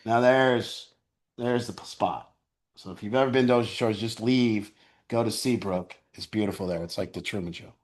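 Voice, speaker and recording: A man's voice: on the low side, normal speed. A middle-aged man leading a recovery group, telling candid stories with crude humor and laughter. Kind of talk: group sharing talk.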